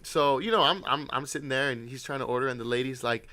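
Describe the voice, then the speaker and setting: Fast and forceful, with a bright medium-pitched voice, a young man hosts a podcast and recounts a family story in relaxed conversation. He laughs, curses and performs the other people's lines.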